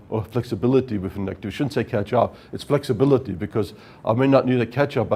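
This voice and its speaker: In a warm, slightly rough mid-range voice, a man gives a technical whiteboard lecture for a project management workshop. He breaks things down step by step and keeps checking understanding with "right?"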